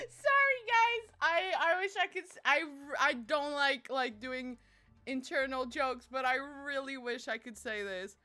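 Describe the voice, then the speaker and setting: A woman's voice: high-pitched, measured pace. A woman streamer chatting casually with her friends and viewers, giggly, playful and teasing. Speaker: live streamer. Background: faint music playing.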